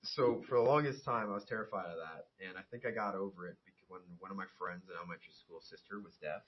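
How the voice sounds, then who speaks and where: A young man co-hosting a podcast in casual chat, telling animated stories and laughing through them. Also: sits low, quick pace. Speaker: podcast co-host. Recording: dull lo-fi sound.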